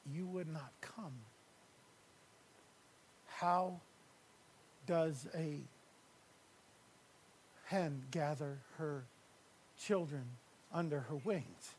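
A man with a high voice preaches slowly and deliberately, dropping to near-whispers and then rising to loud, urgent climaxes. A faint hiss sits under the recording. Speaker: pastor. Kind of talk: sermon.

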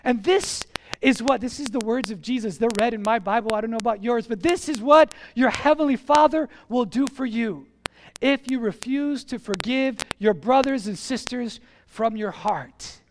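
A pastor preaching a sermon in an animated way, repeating key phrases for emphasis. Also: medium pitch, normal speed, slight background noise.

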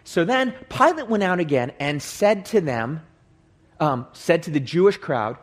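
A man teaches through a scripture passage verse by verse. His voice sits a little high and moves up and down with lively energy. He explains each point, then restates it and repeats key phrases for emphasis. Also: measured pace. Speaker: Bible teacher. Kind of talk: Bible study teaching.

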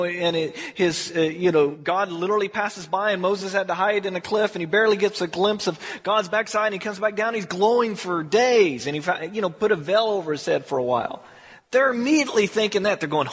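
A male pastor preaching a casual, animated sermon in which he acts out the biblical characters. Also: high voice, slightly rough. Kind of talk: conversational sermon. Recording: long reverb of a church hall.

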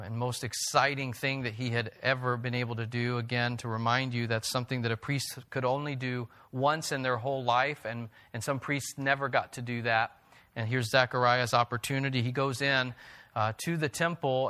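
A man's voice: medium pitch, sharp tone. A male pastor preaching a sermon to his congregation. He talks earnestly and builds to emphatic peaks.

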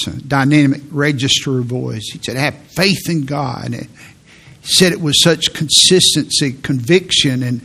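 Unhurried older male preacher, slightly high voice. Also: fairly bright tone. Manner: halting, repeats words, speaks to a congregation. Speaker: pastor. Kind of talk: sermon.

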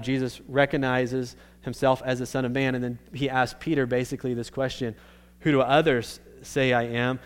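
A man's voice: medium pitch, clear, resonant tone. A male pastor preaching a sermon in a conversational way, checking in with his listeners and restarting his phrases.

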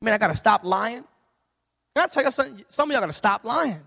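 A male pastor preaching a sermon with animated, humorous storytelling that sometimes swells into shouting. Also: sits high, quick pace, creaky. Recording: reverberant hall.

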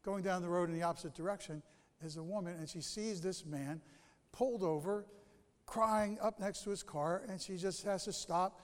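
A male pastor preaching a sermon, telling stories with animated delivery and dramatic pauses. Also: high-pitched, big-room sound.

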